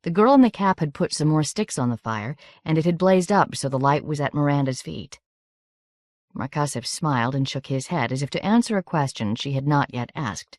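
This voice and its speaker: A woman narrating an audiobook in a measured, steady reading. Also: sits low, no echo, clean studio sound.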